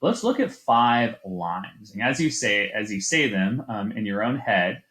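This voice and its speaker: A man's voice: fairly low pitch, big pitch swings, a little slow, fairly bright tone. A man teaching a class, lecturing loosely with many fillers and restarts. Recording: echoey room.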